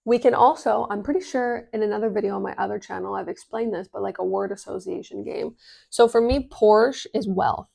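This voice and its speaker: A woman talking casually as a business coach, energetic and full of fillers, swearing now and then. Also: mid-range voice, a little fast, vocal fry. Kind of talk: casual explainer vlog.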